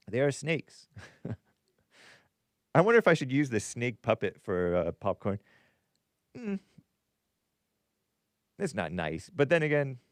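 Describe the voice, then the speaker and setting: A male call-in host who rambles through viewer messages, chuckling and tossing off playful asides. His voice is smooth and resonant and sits at a medium pitch. The sound is dry and close, with no room echo. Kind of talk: casual live-stream talk, reading viewer messages aloud.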